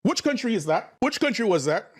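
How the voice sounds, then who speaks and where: Preachy high-voiced man, lively pitch. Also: fairly quick, breathy edge. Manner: preachy, repetitive, addresses viewers as family. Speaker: host. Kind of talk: livestream commentary.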